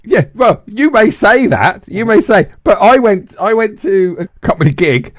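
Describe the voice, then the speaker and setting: A man in his forties chatting on a podcast. His pitch swings a lot as he trips over his words and starts his sentences again. The sound is dry and close. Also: sing-song, moderate pace, no room sound. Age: 40s. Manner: stumbling restarts, swings from low grumble to high. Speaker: podcast co-host. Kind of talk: casual banter.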